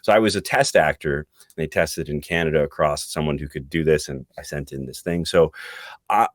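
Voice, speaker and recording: A middle-aged man, a voice actor guest on a podcast, talking casually and reflectively, often pausing to search for words. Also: rumbling low, dry recording, studio quality.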